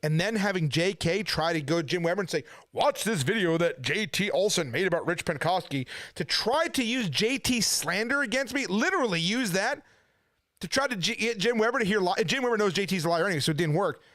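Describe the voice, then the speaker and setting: A man with a high, animated voice rants indignantly from his kitchen at home. He keeps firing rhetorical questions in a loose, unscripted commentary. The sound is close and dry. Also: a little fast, no echo. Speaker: preacher and channel host. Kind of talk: casual ranting commentary.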